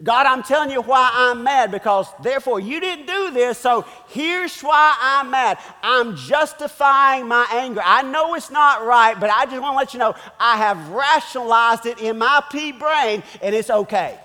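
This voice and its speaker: A man's voice: extremely high pitch, normal speed, hardly any pauses, sharp tone, big-room sound, pitched above the performer's own voice. A man voicing an angry, sulking male prophet who complains and justifies himself, within a sermon. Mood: whining complaint. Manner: whiny, complaining, self-justifying. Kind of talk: acted quote in a sermon.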